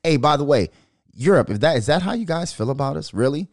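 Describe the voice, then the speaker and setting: A man's voice: fairly high pitch, fast, no room sound, clean studio sound. Profane man ranting on his podcast. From Minnesota. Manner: profane, animated, riffing and ranting. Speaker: podcast host. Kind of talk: casual solo podcast rant.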